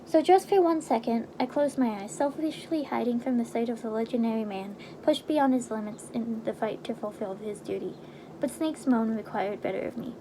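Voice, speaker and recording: High-voiced woman reading aloud. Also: normal speed, warm tone, a little hiss or hum, low-quality recording. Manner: casual, stumbles and restarts over words. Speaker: reader. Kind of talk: reading a game novelization aloud.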